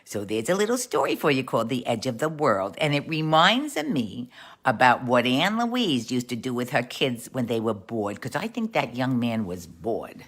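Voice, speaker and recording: A woman's voice: a bass voice, very animated, normal speed, exaggerated voice. A woman playing a doting, folksy Italian-American aunt who tells a story and gives chatty life advice to her "dolls". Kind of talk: comic character storytelling.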